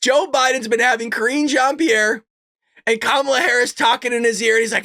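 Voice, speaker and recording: A man hosting a political commentary livestream, mocking and excitable, often laughing and cursing in disbelief. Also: extremely high pitch, brisk, no room sound, studio quality. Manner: mocking, excitable, repeats lines. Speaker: show host.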